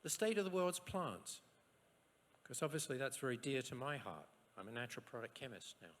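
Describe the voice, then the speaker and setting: A man from Australia giving a university science lecture, rhetorical and lively, with asides and short jokes. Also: mid-range voice, a little fast. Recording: echoey lecture hall.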